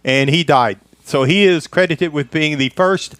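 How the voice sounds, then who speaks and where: A man's voice: on the high side, unhurried, fairly bright tone, no room sound. A man presenting a history segment on a radio car talk show, reading from a script with a good-humored chuckle.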